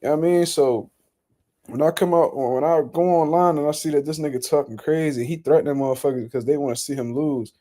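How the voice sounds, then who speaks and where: A man's voice: on the high side, fairly even intonation, fast, dark tone. A man hosting casual boxing reaction commentary, ranting in a blunt, profane, incredulous way.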